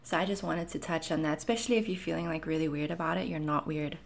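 A woman's voice: low-pitched, steady tone, fast talker, gravelly. A woman in her thirties from South Africa, with a South African accent blended with Canadian, talking casually and reassuringly as she answers viewer questions. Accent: South African mixed with Canadian. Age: 30s. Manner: reassuring, chatty, frequent fillers. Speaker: anxiety content creator. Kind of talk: casual Q&A monologue.

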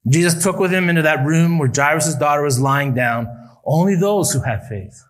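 A male pastor preaching a sermon at a church service, building emphatic appeals that rise and then drop quietly. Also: fairly high pitch, expressive, brisk, poor audio.

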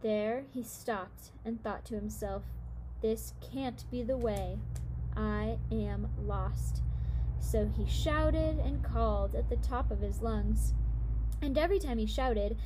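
A woman's voice: a little high, slight background noise. Woman reading a children's story aloud. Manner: steady, expressive narration.

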